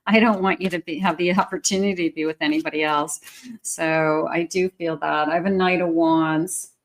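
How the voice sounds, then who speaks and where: A woman reading tarot cards for her viewers in a casual, chatty way, often repeating herself and laughing lightly. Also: fairly low pitch. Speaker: tarot reader.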